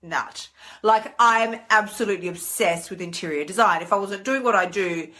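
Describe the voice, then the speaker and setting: A woman hosting a live stream, talking in a chatty, animated way and leaping into high voices when she acts out her inner thoughts. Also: moderate pace. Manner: chatty and animated, with big pitch swings for acted inner voices. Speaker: host. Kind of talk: casual live-stream monologue.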